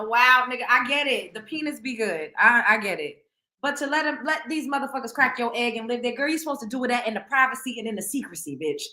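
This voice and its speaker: Bright, blunt woman gossip host. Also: high voice, reverberant. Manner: blunt, profane and animated. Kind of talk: live celebrity gossip commentary.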